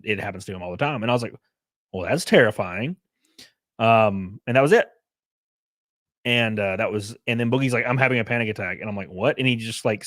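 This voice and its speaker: A man hosting a live stream, commenting casually with swearing and quick laughs. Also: lowish voice, fairly bright tone, dry recording. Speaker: streamer host.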